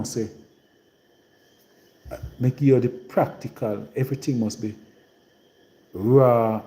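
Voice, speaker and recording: Dark-voiced man with Trelawny Jamaican patois. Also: medium pitch, echoey room, low-quality recording. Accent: rural Trelawny Jamaican patois. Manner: rambling and repetitive, in heavy patois. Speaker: live-stream host. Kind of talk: casual live-stream monologue.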